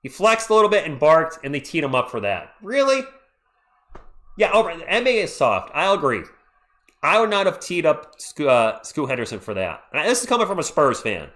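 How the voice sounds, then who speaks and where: A man hosting a live play-by-play stream, calling the action and chatting with viewers in an excitable, jokey way. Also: a little high, a little fast. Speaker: livestream play-by-play host. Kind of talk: live play-by-play with chat reactions.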